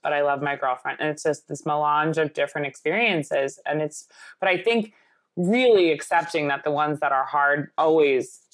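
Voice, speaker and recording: Woman, very low pitch, dry close sound, earnest, effusive, podcast host. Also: normal speed, no echo. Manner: earnest and effusive, piling up clauses. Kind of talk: casual conversational interview.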